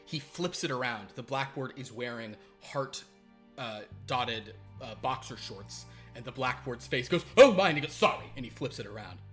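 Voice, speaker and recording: A man narrating as game master of a horror tabletop role-playing game, quick and low-key with asides. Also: sharp tone, soft background music.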